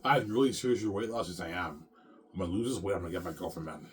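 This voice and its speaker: A man's voice: sits low, lively intonation, rapid-fire. A man talking in a casual, rambling monologue, repeating himself and tagging lines with "man" and "obviously.". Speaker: vlogger.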